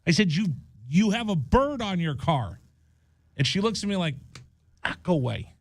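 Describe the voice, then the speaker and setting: Animated man telling a story on radio. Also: high voice, moderate pace, no room sound. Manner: animated, acts out voices in his story. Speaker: radio show host. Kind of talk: casual radio chat, storytelling. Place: radio studio.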